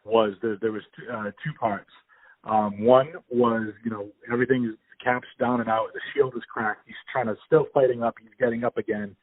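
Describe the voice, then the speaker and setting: A man's voice: mid-range voice, fairly even intonation, moderate pace, no echo. A man hosting a podcast, chatting casually and enthusiastically over the phone, rambling with restarts. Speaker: podcast host. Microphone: phone call. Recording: tinny phone line.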